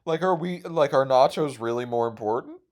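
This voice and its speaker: A man's voice: medium pitch, normal speed. A young man hosting a podcast, rambling casually on his own with a self-deprecating, profane humor. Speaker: podcast host.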